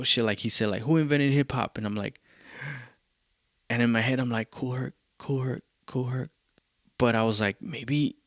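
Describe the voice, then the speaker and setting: A man's voice: lowish voice, vocal fry, dry recording, clean studio sound. A man hosting a podcast, telling a rambling, profane story in a casual way and quoting people along the way. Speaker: podcast host.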